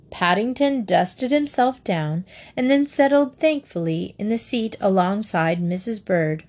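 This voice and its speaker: Woman reading a children's story. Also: mid-range voice. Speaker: narrator.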